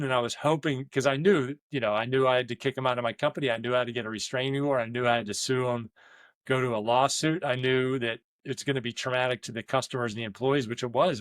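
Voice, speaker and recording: A man's voice: medium pitch, a bit bright, no echo. A man, a leadership coach and business owner, talking in a candid conversational way, rambling through stories with many restarts and quoted asides.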